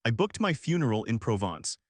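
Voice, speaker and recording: A man narrating a first-person love story in a steady, earnest way. His voice sits at a middle pitch. The recording is close and dry, with no room sound. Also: fairly quick, husky, no room sound.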